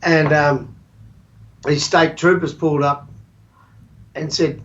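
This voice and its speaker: A guest musician with an Australian accent drawls through his stories, stopping often to find his words. His voice sits a little high. The audio is dull and lo-fi. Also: fairly even intonation, a bit bright. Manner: slow, halting storyteller with many ums. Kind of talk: casual chat.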